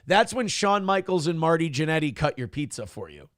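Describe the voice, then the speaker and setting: A man hosts a morning show in a voice on the high side, fairly quick and a bit bright, with big swings in pitch, captured as clean studio sound with no echo. He chats casually and reads viewer comments. His profane, joking rants often mock himself.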